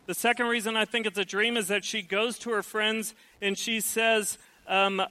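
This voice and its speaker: A middle-aged man preaching a sermon, lively and acting out the voices he quotes. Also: sits high, normal speed, low-quality recording. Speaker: pastor.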